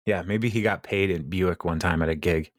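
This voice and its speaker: A man's voice: low-pitched, normal speed, dry recording, studio quality. A man casually recapping a sitcom episode, rambling, laughing often and acting out quotes. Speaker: podcast co-host.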